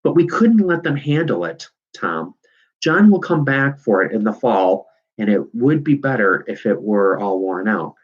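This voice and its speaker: A man reading aloud and voicing a calm, practical pioneer girl, a little higher than his own voice. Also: unhurried, highs cut off. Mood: earnest. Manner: calm and sensible.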